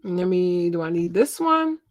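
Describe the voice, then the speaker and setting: With a lowish, sing-song voice at a measured pace and no echo, a Philadelphia woman in her twenties hosts a laid-back gossip livestream. She chats with viewers, trailing off as she looks things up aloud.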